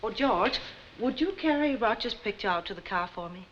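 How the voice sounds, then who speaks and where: A woman's voice: medium pitch, animated, normal speed, a bit bright, a little hiss or hum, close to an everyday voice. A woman playing a poised, polite gallery owner in a 1950s TV drama. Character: poised woman who owns an art gallery. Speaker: art gallery owner and wife. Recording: dull lo-fi 1950s TV soundtrack.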